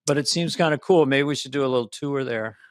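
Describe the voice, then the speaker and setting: An older man co-hosting a podcast in casual chat, rambling and animated, often slipping into little voices. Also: medium pitch, fast, no room sound, studio quality. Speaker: podcast co-host.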